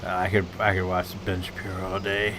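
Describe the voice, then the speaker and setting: A man's voice: low-pitched, monotone, brisk, noisy background. A man hosting a gaming stream, chatting casually with friends, laughing often and swearing while retelling clips. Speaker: gaming channel host. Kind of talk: casual chat while streaming a farming game.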